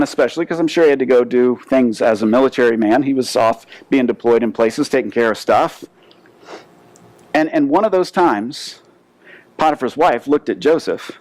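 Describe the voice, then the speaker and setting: A male pastor preaching a sermon, telling a story with lively asides and frequent word restarts. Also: a little high, no room sound, rough recording.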